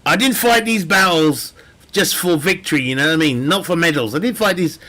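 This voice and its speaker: A man's voice: on the high side, lively intonation, a little fast, sharp tone. A young man chatting casually while streaming a game, rambling and joking with frequent laughter. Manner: rambling, jokey, laughs often. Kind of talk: casual chat while gaming.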